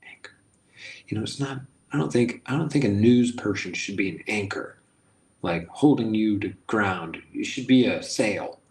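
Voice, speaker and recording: A man's voice: fairly low pitch, normal speed, darkish tone. A man hosting a casual guided self-help session, who talks in a playful, rambling, jokey way and repeats phrases. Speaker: host. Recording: echoey room.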